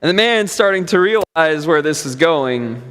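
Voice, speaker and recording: A man's voice: a little high, expressive, normal speed, fairly bright tone. A male preacher giving a sermon, retelling a story dramatically with repeated, building phrases. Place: church sanctuary. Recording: long church hall reverb.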